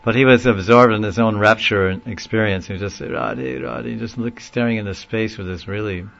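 A man telling a long story in a casual, rambling way, often laughing and getting animated when he quotes people. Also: fairly low pitch, fairly quick, dull audio. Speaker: speaker recounting a story in a class. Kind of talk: informal storytelling talk.

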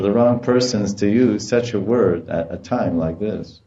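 Man giving an animated devotional talk. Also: lowish voice, a little slow, hardly any pauses, echoey room, dull audio. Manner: animated storytelling, acts out quoted voices with laughter. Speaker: spiritual teacher. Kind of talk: devotional lecture.

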